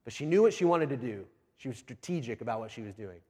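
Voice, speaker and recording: A man's voice: medium pitch, animated, fast talker, hardly any pauses, mellow, slightly rough. A man in his thirties, a pastor preaching a sermon, earnest and emphatic, repeating his key phrases. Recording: long reverb of a large hall.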